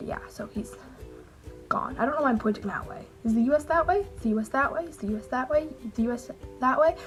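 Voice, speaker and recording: A woman's voice: high-pitched, animated, quick pace, soft background music. A woman vlogging to camera in a chatty, rambling, jokey way, sounding a little sick with a cold. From Canada. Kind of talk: casual chat to camera.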